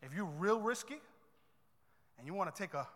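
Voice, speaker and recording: A male pastor preaching a sermon, swinging between soft asides and loud, repetitive declarations. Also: high-pitched, lively intonation, moderate pace. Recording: long reverb in a large hall.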